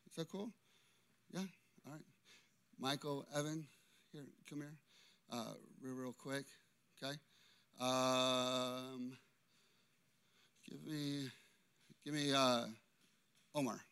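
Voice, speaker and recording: A man preaching an interactive sermon, animated and constantly checking in with his listeners. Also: medium pitch, takes it slowly, long pauses, clear, resonant tone. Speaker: pastor.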